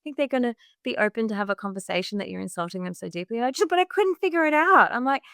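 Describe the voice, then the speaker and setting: Speaking fast with few pauses, a women's health coach shares her personal story sincerely as a podcast guest, acting out her earlier words and filling gaps with frequent "like." Her voice runs on the high side, lively and a bit bright, captured in clean studio sound without echo.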